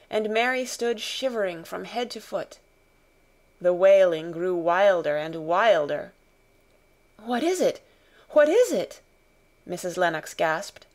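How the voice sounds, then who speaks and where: A woman reading a classic novel aloud as audiobook narration, in a calm, even, expressive storytelling manner. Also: medium pitch. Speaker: audiobook reader.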